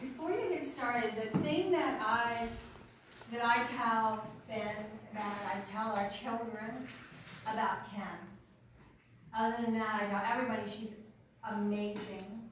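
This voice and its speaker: A woman's voice: on the high side, a little slow, far from the mic, a little hiss or hum. Earnest woman praising in echoey hall. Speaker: company owner. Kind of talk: public tribute speech.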